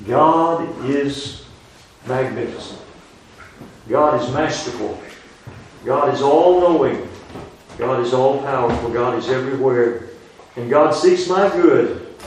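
Brief: small-church preacher, man, slow emphatic sermon delivery, recorded from a distance in a reverberant room. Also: on the high side, darkish tone. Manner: rising emphatic questions, drawn-out stresses. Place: small rural church building. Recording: echoey church room, distant mic, faint hiss.

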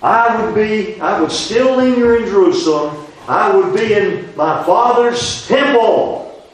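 Brief: calm twelve-year-old boy voiced by a preacher, questioning gently, slightly high, heard from across a reverberant room. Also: a little slow. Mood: earnest questioning. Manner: gently questioning, raised pitch. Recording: echoey church room, distant mic.

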